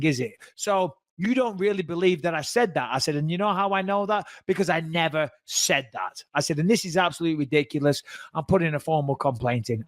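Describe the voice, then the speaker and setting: A man's voice: a little high, no echo. A man, telling a story casually on a podcast and acting out the people he quotes. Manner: animated, acts out quoted dialogue.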